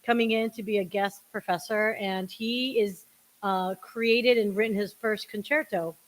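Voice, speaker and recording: A woman's voice: medium pitch, fairly even intonation, normal speed. A woman hosting a casual livestream chat, laughing and self-deprecating as she talks, with everyone sharing one microphone. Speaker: podcast host and producer. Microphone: single shared microphone.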